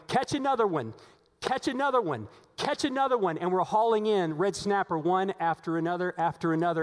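Man, pastor giving a sermon, slightly high voice, long hall echo. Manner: animated storytelling, voice climbs when excited. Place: church sanctuary.

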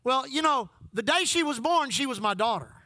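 A man's voice: extremely high pitch, animated, moderate pace, bright, forceful tone, no echo. A middle-aged man preaching a sermon, telling folksy stories and calling out to the congregation. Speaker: pastor.

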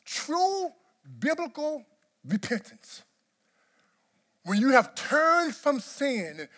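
A man preaching a sermon as pastor, swinging from quiet, low talk to shouted emphasis and repeating words to drive points home. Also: big pitch swings, slow pace, pauses often.

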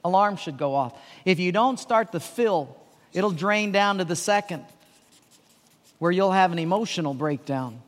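High-voiced man telling stories in a hall. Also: a little slow. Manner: storytelling, animated with laughter. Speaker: pastor. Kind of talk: conference talk to leaders. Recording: long hall reverb.

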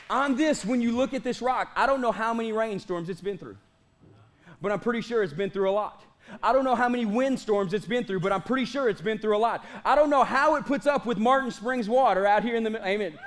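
A pastor in his late thirties with a very high voice for a man delivers an energetic sermon. He slows right down to stretch out key phrases, then speeds up and jokes with his congregation. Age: late 30s. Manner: energetic preaching, slows for drawn-out emphatic lines, jokes with the congregation.

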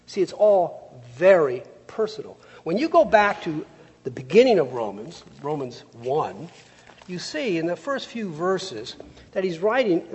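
A man preaching a sermon, reading scripture and then telling stories in a lively, conversational way. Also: a little high, unhurried, slightly rough. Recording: long reverb of a large hall.

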